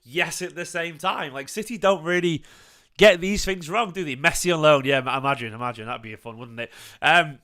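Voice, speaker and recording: A man's voice: fairly high pitch, normal speed, bright, forceful tone. A man hosting a fan channel, chatting casually and opinionatedly about football transfers, rambling with fillers and restarts. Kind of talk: casual livestream football chat.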